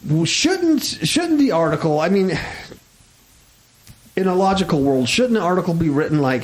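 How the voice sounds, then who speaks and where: A man's voice: on the high side, big pitch swings, moderate pace. Rambling, stammering Christian radio host man. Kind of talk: casual Christian talk radio chat.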